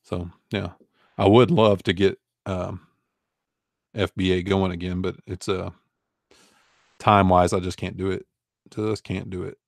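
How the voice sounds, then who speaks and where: A man's voice: deep voice, flat delivery, unhurried, vocal fry, long pauses, dry recording, clean studio sound. A man in his forties, an online reseller, chatting casually and rambling through viewer questions with easygoing fillers and chuckles. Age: 40s. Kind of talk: casual live Q&A chat.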